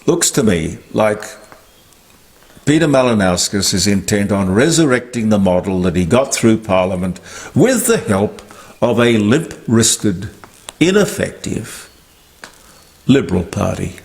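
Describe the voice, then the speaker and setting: A man's voice: fairly low pitch, very animated, measured pace, vocal fry. An older man, delivering an emphatic, indignant political commentary monologue. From Australia. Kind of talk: opinionated monologue.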